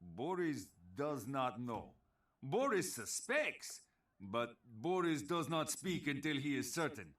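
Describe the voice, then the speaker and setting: An actor voicing a boastful, burly male carnival strongman with a Slavic accent, who booms and speaks of himself in the third person. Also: very animated, takes it slowly, fairly bright tone, recorded from a distance.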